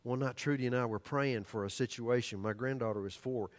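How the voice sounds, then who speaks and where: Older preacher telling a sermon story. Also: male voice, mid-range voice, fairly quick. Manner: animated storytelling that drops to hushed, earnest tones.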